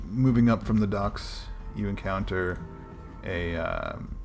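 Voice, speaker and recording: Game master, male, lowish voice, halting narration with lots of fillers. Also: wildly swooping pitch, gravelly, darkish tone, faint music behind. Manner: hesitant, many ums.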